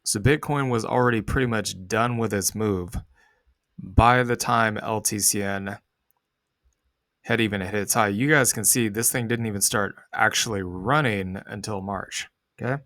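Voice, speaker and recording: A man's voice: on the low side, normal speed, a bit bright, dry recording, studio quality. A male host giving casual market commentary over charts, laid-back and slangy with sarcastic asides.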